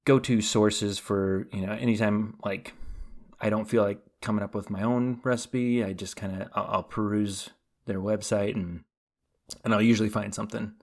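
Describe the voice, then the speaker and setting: A podcast co-host chats casually at a moderate pace, rambling with plenty of fillers and restarts. His voice is lowish with fairly even intonation.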